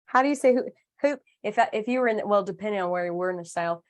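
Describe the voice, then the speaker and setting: A woman's voice: mid-range voice, fast, few pauses. A woman in her thirties teaching a live online craft class, chatty and upbeat with playful asides.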